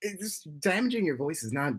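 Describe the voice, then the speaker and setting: A man hosting a casual livestream, rambling through his thoughts and reading chat comments, with many restarts and repeated words, and often jumping up into high, giddy laughing bursts. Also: sing-song, moderate pace, breathy edge. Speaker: livestream host and animation creator.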